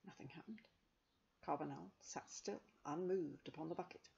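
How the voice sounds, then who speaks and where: A woman reading a children's novel aloud in a gentle, measured storytelling manner. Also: low voice, vocal fry, slightly rough, highs cut off. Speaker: reader.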